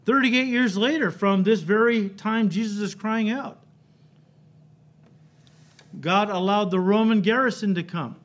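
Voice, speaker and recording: A male pastor preaching a sermon, emphatic, rising to loud cries and dropping low, often checking in with the congregation. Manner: emphatic, builds to loud cries then drops low, frequent "right?" checks.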